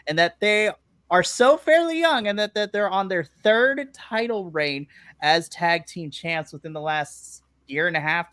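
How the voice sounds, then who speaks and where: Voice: medium pitch, sharp tone, no room sound. Chatty, laughing podcast co-host, dry close sound. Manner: chatty, laughs often, acts out own reactions. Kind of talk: casual wrestling recap. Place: remote live stream.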